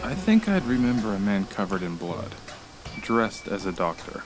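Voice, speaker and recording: An actor playing a weary, gruff man searching for a lost woman in a video game, speaking in a blunt, dry, sardonic way. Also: fairly low pitch, sing-song, moderate pace, background noise.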